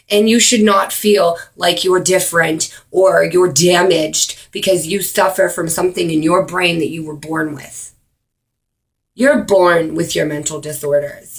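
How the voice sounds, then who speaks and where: Earnest woman talking to her camera, kinda low voice, lots of ums, slows way down to stress a point. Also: creaky. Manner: earnest, frequent ums, speeds up and slows down for emphasis. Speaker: vlogger. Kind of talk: earnest direct-to-camera awareness talk.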